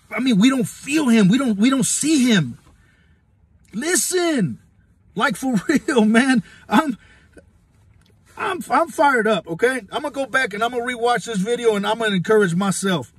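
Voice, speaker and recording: A man's voice: extremely high pitch, a bit bright, husky, no echo. A man preaching fervently into his phone, repeating himself, throwing out rhetorical questions and laughing as he goes. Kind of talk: impassioned phone-recorded Bible devotional. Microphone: phone camera.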